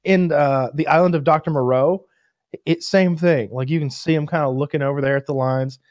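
A man's voice: a little high, steady tone, a little fast, darkish tone, no echo. A man on a podcast telling a story casually, with swearing and acted-out quotes. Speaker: podcast co-host. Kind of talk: casual chat, anecdote telling.

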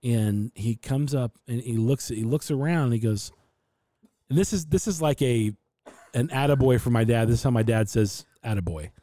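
Guy on a podcast telling stories, dark mellow voice, dry room, acts out his dad. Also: medium pitch, normal speed, no room sound. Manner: animated storyteller who acts out his dad's voice. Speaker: podcast host. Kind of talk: casual storytelling chat.

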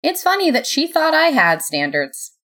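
A young adult woman reading a first-person story aloud in a sardonic, lively way. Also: high-pitched, normal speed. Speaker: narrator.

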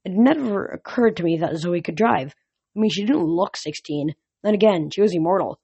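A woman reading a novel aloud as storybook narration, in a steady, plain way with self-corrections. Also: mid-range voice, moderate pace, creaky, husky, dry recording. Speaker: reader. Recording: dull lo-fi recording.

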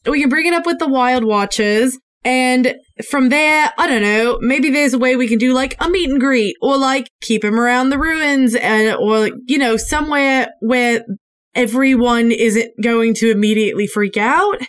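A woman's voice: high voice, normal speed. Practical woman tabletop player. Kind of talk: casual tabletop role-play.

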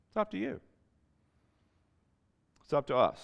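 Male pastor, mid-pitched voice with a smooth, resonant tone, preaching with emphatic repetition. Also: huge pitch swings, normal speed, pauses often. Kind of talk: sermon.

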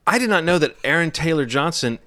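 A man's voice: fairly high pitch, no room sound. Opinionated man in a dry-sounding recording. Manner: opinionated, animated, quick to joke. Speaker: film podcast co-host. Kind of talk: casual film review chat.

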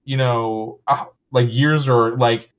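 A man co-hosting a candid podcast chat, talking freely, laughing often and stumbling over his words when excited. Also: mid-range voice, takes it slowly, smooth.

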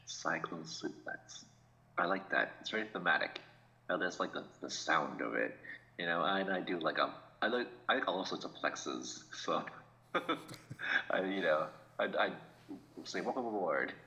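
A man's voice: low-pitched, lively intonation, measured pace, bright, forceful tone. A man co-hosting a podcast, chatting casually and laughing often as he jokes along. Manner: laughs often, chuckling banter. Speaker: podcast co-host. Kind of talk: casual chat. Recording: dull lo-fi sound.

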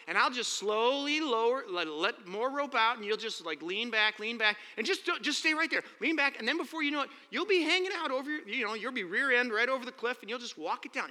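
A man preaching a sermon, telling camp stories in an animated way and acting out the quotes. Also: very high-pitched, a little fast, few pauses. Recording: long hall reverb.

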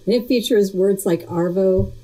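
Woman guest, super mellow dark voice, chatty, keeps restarting her sentences. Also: medium pitch, moderate pace, poor audio. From United States. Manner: chatty, restarts often, reflective. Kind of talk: casual remote interview chat.

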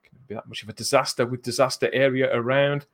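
A man's voice: mid-range voice, steady tone, fast. A man from England hosting a live-streamed chat show in a jokey way, chuckling between phrases. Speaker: host.

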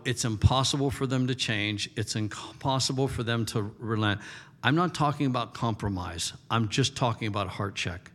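A man in his fifties preaching a sermon as a pastor, telling stories in a conversational, animated way. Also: fairly low pitch. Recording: long hall reverb.

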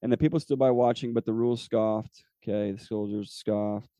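A man's voice: on the low side, fairly even intonation, normal speed, warm tone, dry recording. A man hosting a podcast, teaching from the Bible in a conversational way, often checking in with "okay?" and reading scripture aloud. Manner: reads scripture aloud, correcting himself. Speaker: podcast host and preacher.

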